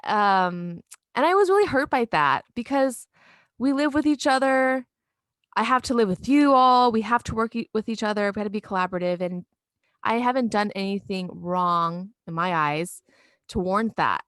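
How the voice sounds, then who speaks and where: Woman, twenties, podcast co-host; lively blunt storyteller, mid-pitched, dry close sound. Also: normal speed, no echo. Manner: animated storytelling, swears freely. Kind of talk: casual chat.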